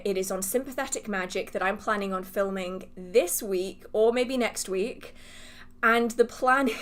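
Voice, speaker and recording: A woman hosting a casual livestream, talking straight to her viewers. Her voice sits a little high, and she laughs often as she pokes fun at herself. Her sentences trip and restart while she rambles on. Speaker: livestream host answering viewer questions.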